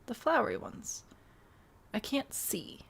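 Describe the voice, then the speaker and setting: Wry woman streaming, with gravelly fry. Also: a little high, huge pitch swings, slow pace. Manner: wry, self-deprecating, reads chat aloud and answers. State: has the hiccups. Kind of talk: casual live-stream chatter while building in a game.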